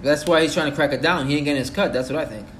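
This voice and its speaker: A man's voice: fairly high pitch, racing. A young man co-hosting a casual podcast, cursing and laughing through slangy banter. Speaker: podcast co-host. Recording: echoey room with faint noise.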